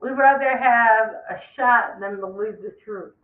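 Medium in pitch and a little slow, this religious vlogger preaches an emphatic end-times warning, repeating words to drive points home. The audio is tinny, like a phone, and the room echoes.

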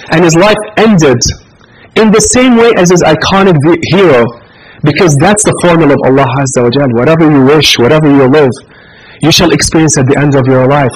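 Impassioned husky imam preaching. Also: male voice, a little high, low-quality recording. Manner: impassioned, repeats phrases for emphasis. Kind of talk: Friday sermon.

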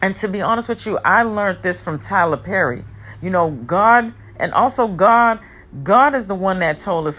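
A woman giving a heartfelt personal motivational talk, emphatic and repetitive, sometimes rushing her words. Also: medium pitch, lively intonation, a bit bright. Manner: speeds up and slows down, talks fast at times.

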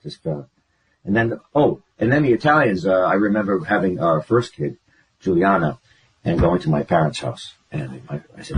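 A middle-aged man with a Rhode Island accent tells family stories as a podcast guest. His low voice is gravelly and husky. His pitch swings widely as he slips into the voices of his relatives. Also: animated, moderate pace, rough recording. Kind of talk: casual storytelling in an interview.

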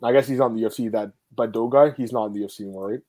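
Male podcast host, rapid-fire and opinionated, casual and profane. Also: medium pitch, warm tone. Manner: blunt, swears freely, quick opinionated talk.

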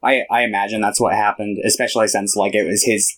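Young male podcast co-host, lower voice, loose chatty recap full of filler words. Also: fast talker, poor audio. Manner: relaxed retelling with many fillers. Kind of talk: casual film discussion.

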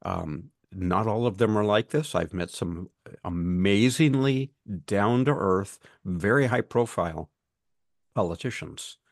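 A man's voice: fairly low pitch, takes it slowly, gravelly, dry recording, clean studio sound. A man co-hosting a casual podcast chat, telling frank stories and acting out other people's lines, with swearing. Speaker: podcast co-host, lawyer.

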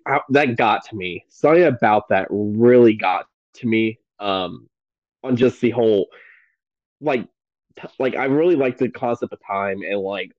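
A man with a slightly low voice chats on a podcast, eager and rambling, with plenty of "um" and "like." The sound is a bit dull and lo-fi, and dry with no room echo. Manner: enthusiastic, rambling with many fillers. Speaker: podcast guest. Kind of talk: casual podcast chat.

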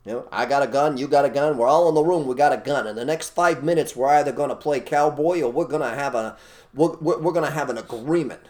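A man co-hosting an opinionated casual chat, blunt and animated, repeating his phrases for emphasis. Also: mid-range voice, fast. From United States. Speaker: co-host.

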